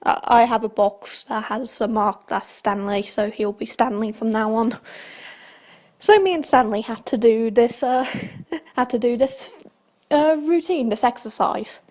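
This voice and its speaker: A woman's voice: on the high side, unhurried, darkish tone. A young woman hosting a channel, telling a rambling story in casual chat and laughing often as she talks. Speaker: channel host.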